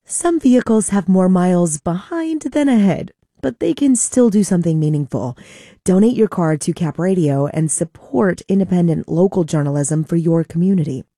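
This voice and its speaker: A woman station announcer reading scripted promos in a smooth, friendly way. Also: on the low side, expressive, normal speed, mellow, no room sound, studio quality.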